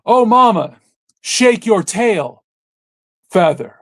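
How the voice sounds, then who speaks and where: A man hosting a casual podcast, reading silly lyrics aloud in a deadpan, mock-dramatic recital. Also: sits high, drawn-out words, no echo, clean studio sound. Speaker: guest host.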